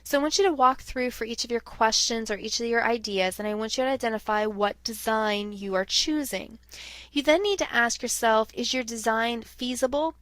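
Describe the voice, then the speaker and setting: A woman's voice: on the high side, a bit bright, no room sound. A woman giving a recorded lecture, explaining things step by step. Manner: explanatory, walks students through questions step by step.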